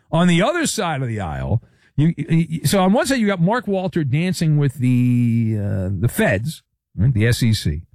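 A middle-aged man delivering sports commentary with a theatrical, joking manner, his voice swooping up and down with lively inflection. He sits in a fairly high register for a man, recorded close and dry with no room sound. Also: dry recording. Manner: theatrical, jokey, full of wordplay and sound effects.

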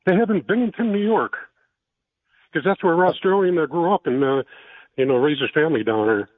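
Man, radio caller, quick and halting, lots of fillers, dry tinny phone audio. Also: fairly high pitch, no echo. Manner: hesitant, many fillers, quick bursts. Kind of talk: phone-in call.

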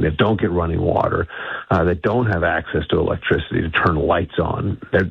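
Deep husky man on a phone line. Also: dry recording. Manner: emphatic, assertive. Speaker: guest. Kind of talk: interview on a radio show.

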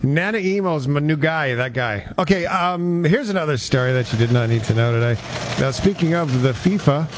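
A man's voice: a little high, moderate pace, slight background noise. A man hosting a talk show, chatting casually and telling stories with jokes. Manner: joking, lively storytelling. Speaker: radio show host. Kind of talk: casual chat.

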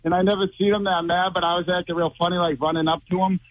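A man calling in to a radio show, rambling and excitable as he jumps from story to story. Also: high voice, fast, no echo. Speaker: caller. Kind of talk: rambling call-in chat. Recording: muffled phone-in line.

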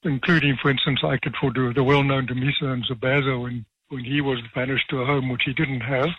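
A retired judge, telling stories with dry, self-deprecating humour in a radio interview. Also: male voice, medium pitch, slightly rough, no room sound, dull audio. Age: 70s.

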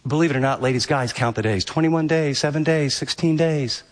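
A man preaching with lively energy and a fairly high-pitched voice. He builds to emphatic, punchy peaks and then drops soft and quiet when he voices quoted lines, like a pastor addressing his congregation. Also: brisk, few pauses. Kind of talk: sermon.

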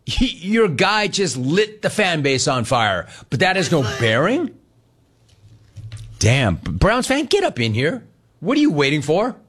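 A man's voice: fairly high pitch, sing-song, measured pace, fairly bright tone, slightly rough. A man hosting a sports radio show, ranting with mocking emphasis and repeating his points. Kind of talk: opinionated sports rant.

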